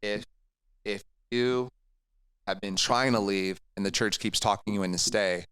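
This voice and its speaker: A man's voice: fairly low pitch, measured pace, fairly bright tone, smooth. A man, a pastor co-hosting a podcast, talking in casual chat with a preachy, scripture-quoting manner. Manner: preachy, quotes scripture, many affirming interjections. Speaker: co-host pastor.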